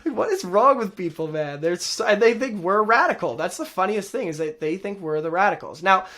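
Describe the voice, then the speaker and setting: A man's voice: high-pitched, animated, brisk, sharp tone. A man hosting his own vlog, talking casually and rambling, repeating himself and laughing often. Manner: rambling, repetitive, frequent laughs. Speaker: host.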